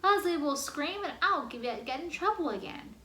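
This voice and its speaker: A woman's voice: high-pitched, expressive, normal speed, pushed and bright, reverberant, voice pushed up. A woman voicing a stubborn young schoolboy who protests and argues, read aloud from a storybook. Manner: reluctant, protesting.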